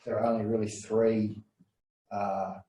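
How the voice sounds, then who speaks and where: A man's voice: fairly low pitch, flat delivery, unhurried, warm tone. A man who is a beginner student, asking tentative questions in class. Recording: distant, roomy, faint noise.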